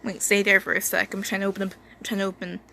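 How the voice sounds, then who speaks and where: A woman's voice: mid-range voice, flat delivery, fast, vocal fry, sharp tone, a little hiss or hum, low-quality recording. A woman from the United States, casually reading a fan story aloud at home into her phone, stumbling and restarting words often. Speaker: amateur reader of an online story.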